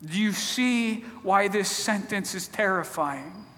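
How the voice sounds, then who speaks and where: A man preaches a sermon, retelling stories in a conversational, storytelling way. His voice is high and a bit bright, and he speaks slowly, with long hall reverb on the recording.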